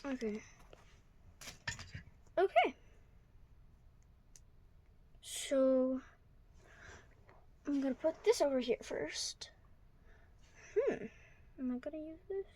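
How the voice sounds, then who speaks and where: A woman's voice: high-pitched, lively intonation, drawn-out words, long pauses, darkish tone, rough recording. A woman vlogging at home in her bedroom, chatting casually to viewers and thinking aloud as she sorts toy horses. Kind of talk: casual running commentary while organizing.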